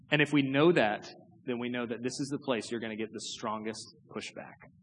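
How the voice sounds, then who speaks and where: Animated man preaching in an echoing hall. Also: medium pitch. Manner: conversational, animated, acts out quoted voices. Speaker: pastor. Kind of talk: sermon. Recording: long reverb of a large hall.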